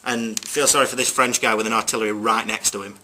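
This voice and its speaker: Young male student narrator with a bright, sharp tone, reading history with hesitant ums and tossed-off jokes. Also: fairly low pitch, fairly even intonation, fast. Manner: jokey asides, hesitant fillers. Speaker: student presenter. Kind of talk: narrating a school history video.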